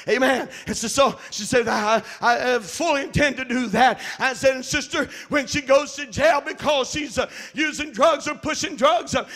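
High, bright-voiced pastor preaching. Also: male voice. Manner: shouted preaching with rhythmic "uh" interjections. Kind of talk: sermon. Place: church.

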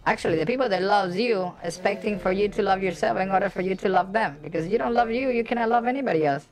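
A middle-aged woman hosting a casual game stream, chatting in a halting way with many fillers and repeated phrases. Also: medium pitch, a crowd in the background. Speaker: streamer host. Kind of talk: casual gameplay stream chat.

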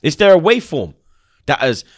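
A young man hosting a casual football chat, animated and slangy, swearing and laughing a lot. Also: fairly high pitch, moderate pace, no room sound, clean studio sound. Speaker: football channel host.

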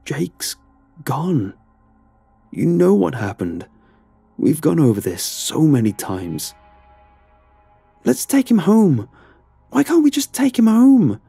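A man voicing a grieving middle-aged father who shouts bitterly in a horror story. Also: mid-range voice, big pitch swings, takes it slowly, gravelly, long pauses, breathy edge, no echo, faint music behind, voice pushed up, exaggerated voice. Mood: grim.

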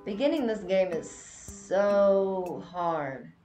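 A woman's voice: mid-range voice, expressive, drawn-out words. Self-deprecating woman gamer, roomy sound. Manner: self-deprecating, stumbling reader. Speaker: let's play gamer. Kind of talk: casual game commentary. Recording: roomy, loud game music behind.

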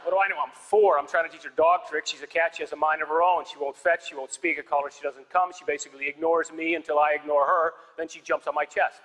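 Bright-voiced male stand-up comic in a hall. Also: fairly high pitch, fairly even intonation, fast talker, few pauses. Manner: dry storytelling with punchy one-liners. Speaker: stand-up comedian. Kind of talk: stand-up comedy set. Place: large theater stage. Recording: live hall reverb with audience noise.

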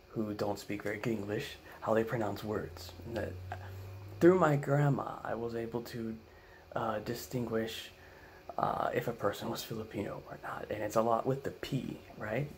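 A man telling a comic family story in an animated way, acting out the quotes. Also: fairly low pitch, a little hiss or hum. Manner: animated, acts out quotes, laughs. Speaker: vlogger, comedic storyteller. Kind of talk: comedic storytelling.

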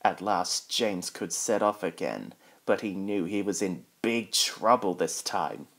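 A very low-voiced man reads a children's storybook aloud unhurriedly, his tone animated and fairly bright. He plays all the characters himself without altering his voice much.

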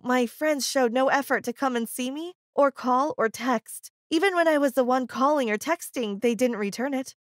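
A woman narrating a first-person story in an earnest, steady way. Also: sits high, no room sound, clean studio sound.

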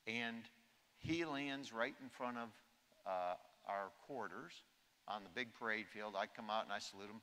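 A man's voice: lowish voice, a little slow, sharp tone. A man in his sixties giving an anecdotal keynote speech at a conference, telling humorous stories and acting out quotes. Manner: humorous storytelling, acts out quotes. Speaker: keynote speaker. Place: large conference hall. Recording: echoey hall.

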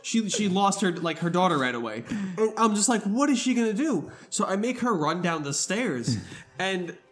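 A man casually telling a funny tabletop game story to friends, animated and laughing, acting out shouted lines. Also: sits high, normal speed.

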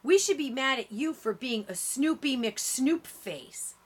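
A woman reading an audiobook, voicing a defensive junior-high girl who argues in a raised, sharp voice. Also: animated, slow, slightly rough, full character voice. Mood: angry. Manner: shouting, sharp retorts.

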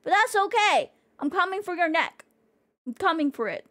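A woman's voice: very high-pitched, expressive, moderate pace, fairly bright tone, no room sound. A young woman streamer chatting casually with her viewers in a bubbly, rambling way and swearing now and then. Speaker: VTuber streamer. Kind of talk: casual livestream chat with viewers.

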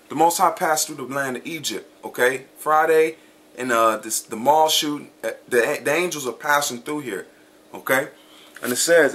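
A man preaching a sermon and reading scripture aloud, emphatic, often checking in with "okay?" and "man", slowing down to stress words. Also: fairly high pitch, expressive, fairly bright tone.

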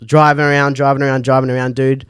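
A man's voice: mid-range voice, level tone, fast talker, a bit bright, clean tone, dry recording, clean studio sound. A young Australian man hosting a podcast, telling a long story in a casual, sweary way and acting out the voices. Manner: sweary, laughing, acts out voices in his stories.

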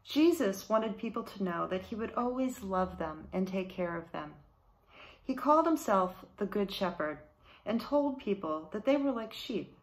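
A woman teaching in a children's ministry, reading a Bible storybook aloud to children in a slow, clear read-aloud manner. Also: medium pitch, expressive.

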